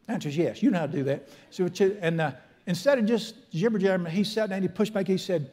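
A man's voice: high-pitched, fast talker, hardly any pauses, a little mellow. A middle-aged man, preaching a folksy, emphatic sermon as a pastor in a church. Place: church sanctuary.

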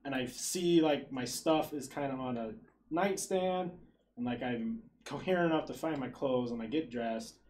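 A man's voice: mid-range voice, moderate pace, darkish tone. A young adult man on a podcast, telling a rambling, self-deprecating story to friends in casual chat and laughing through it. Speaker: podcast co-host.

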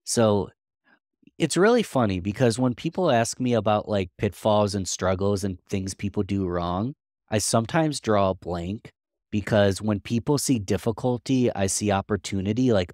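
A man's voice: on the low side, measured pace, darkish tone, no room sound, studio quality. A man guest on a podcast interview, answering in an earnest, practical way and thinking aloud.

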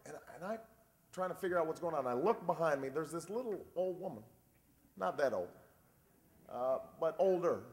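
A man in his forties giving a campaign speech, telling a dry, wry story and then building to a shouted rallying close. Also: a little high, expressive, normal speed, long pauses. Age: 40s. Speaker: presidential candidate. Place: large convention hall. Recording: long reverb of a big convention hall.

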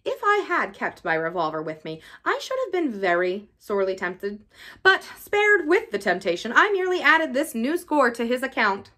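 A woman reading a novel aloud in an expressive, lively style. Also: fairly high pitch, moderate pace. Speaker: reader.

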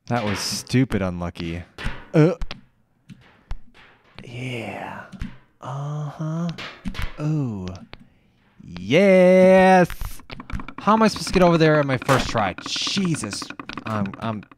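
A man giving let's play commentary, excitable, swearing and scolding himself out loud as he plays. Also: mid-range voice, a little hiss or hum. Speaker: gamer playing a video game.

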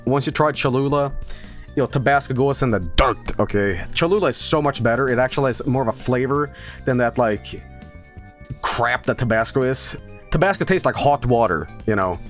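A man's voice: medium pitch, lively intonation, normal speed, soft background music. A man streaming live, joking casually with lots of swearing and laughter. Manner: profane, joking, often laughing.

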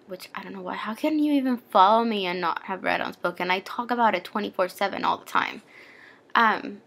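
Young female book vlogger, eager and playful, somewhat high with a creaky edge. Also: a bit bright. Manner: gushing, chatty fangirl with playful asides. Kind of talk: casual book recommendation vlog.

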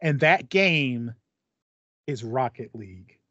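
A man's voice: mid-range voice, lively intonation, slow pace, sharp tone, no echo, highs cut off. A man co-hosting a gaming podcast, talking casually and rambling through his ideas with restarts and fillers. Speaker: podcast co-host. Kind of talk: casual chat.

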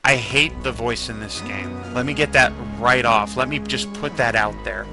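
Gravelly young man rambling over a game. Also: medium pitch, normal speed. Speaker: let's play host. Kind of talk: casual gameplay commentary. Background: faint game music.

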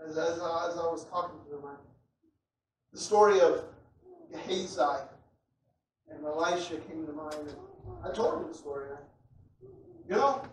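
A man preaching a sermon who repeats himself and builds up to loud, shouted passages. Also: fairly high pitch, moderate pace, long pauses. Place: church. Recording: echoey church hall from a distant mic with faint noise.

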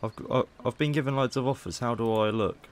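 A man's voice: mid-range voice, steady tone, quick pace. A man casually commentating gameplay as a YouTuber, chatty and playful. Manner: chatty, playful, haggling asides. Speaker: gaming YouTuber.

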